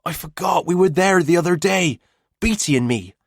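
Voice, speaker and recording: An excitable, jumpy young man, as the narrator voices him, pitched well up and eager. The read is close and dry with nothing behind it. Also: normal speed, no echo. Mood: excited. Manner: eager, exclaiming.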